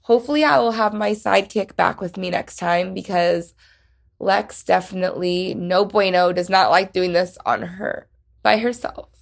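Gravelly-voiced young woman rambling emotionally. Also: medium pitch. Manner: rambling, halting, lots of fillers. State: emotional, close to tears. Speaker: podcast host. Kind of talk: casual solo podcast chat.

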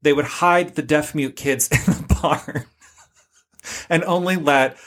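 A man's voice: fairly high pitch, fairly even intonation, slow pace. A man co-hosting a podcast, chatting casually and telling rambling family stories with lots of fillers. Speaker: podcast co-host.

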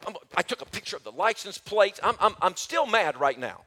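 High, bright-voiced pastor preaching animatedly. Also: male voice, brisk. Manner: animated storytelling, shifting between loud and soft. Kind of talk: sermon.

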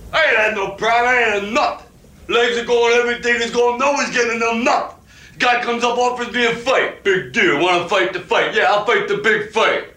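Washed-up boxer, bright sharp voice, choked-up rough yelling, film clip in a big echoey room. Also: male voice, very high voice, a little hiss or hum, exaggerated voice. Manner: shouting, choked-up outbursts in a rough street drawl. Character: bitter aging male boxer, worn down and proud. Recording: roomy film clip from a distance.

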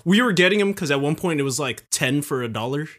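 A man co-hosting a casual podcast chat, relaxed and full of fillers like "um" and "like". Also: fairly high pitch, quick pace.

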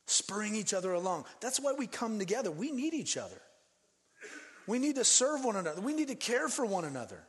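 A man from Denver preaching a sermon in an animated, conversational way, acting out the people he quotes. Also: sits high, a little fast, long reverb tail. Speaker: pastor.

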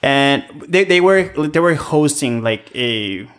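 A restaurant worker appearing as a podcast guest chats casually, rambling through stories about his restaurant work. His mid-range voice is fairly bright, with lively intonation and a slow pace.

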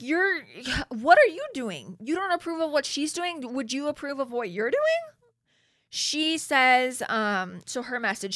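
A young woman hosting a casual reality TV recap, animated and slangy as she reads from her notes. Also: mid-range voice, dry recording, studio quality.

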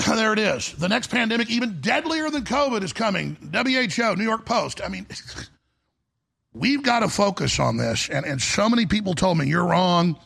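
A male talk radio host delivering an urgent, forceful monologue in a gravelly, raspy voice. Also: high voice, very animated, normal speed.

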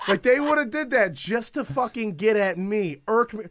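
A man's voice: high voice, animated, moderate pace, fairly bright tone, no room sound. A man who does stand-up, telling a story in casual podcast chat, swearing and laughing as he goes. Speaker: stand-up comedian. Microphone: studio mic on camera.

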